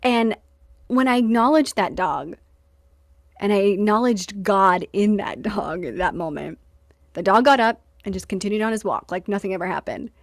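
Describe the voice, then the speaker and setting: A woman podcast co-host telling a personal story in an earnest, animated way, full of "like" and "you know.". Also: mid-range voice, normal speed, no echo, clean studio sound.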